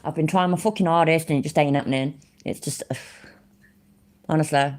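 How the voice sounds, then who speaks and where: A woman's voice: sits low, normal speed, darkish tone. A woman giving rambling, sarcastic live-stream commentary on a video and swearing freely.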